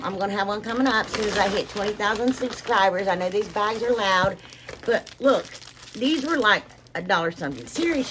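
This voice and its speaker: Against a noisy background, a woman with a mid-range voice talks her viewers through a craft project and an unboxing. A craft vlogger, she keeps the tutorial chat casual and drifts from topic to topic.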